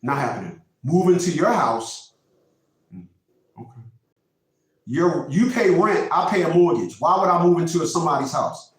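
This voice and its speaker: Preachy high-voiced man in an echoey room. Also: lively intonation, moderate pace, long pauses, far from the mic. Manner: preachy, repetitive, emphatic. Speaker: channel host giving relationship advice. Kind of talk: casual monologue.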